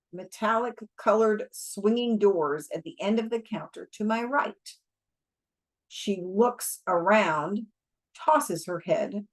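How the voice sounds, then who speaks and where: A woman reads a novel aloud in a measured, deliberate manner. Her pace is unhurried, and her pitch sits in a middle range. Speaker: audiobook reader.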